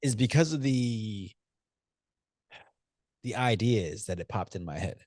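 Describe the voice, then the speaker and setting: A man's voice: lowish voice, expressive, a little slow, a little mellow, no room sound, clean studio sound. Profane, teasing male podcast co-host. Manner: loose and profane, teasing, muses aloud with restarts. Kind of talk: casual movie-review chat.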